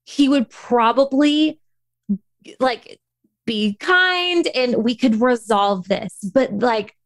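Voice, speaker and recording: A woman's voice: a little high, animated, takes it slowly, no room sound. Candid woman in her thirties, rambling story. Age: 30s. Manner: candid, emotional, many fillers and restarts. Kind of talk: casual personal storytelling.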